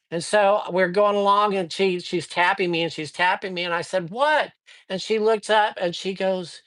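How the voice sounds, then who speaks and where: Guy chatting on a live stream, tells stories w lots of energy, acts out the dialogue, does tarot readings. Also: sits high. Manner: lively storyteller who acts out dialogue. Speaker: live-stream host and psychic reader. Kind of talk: casual live-stream chat and storytelling.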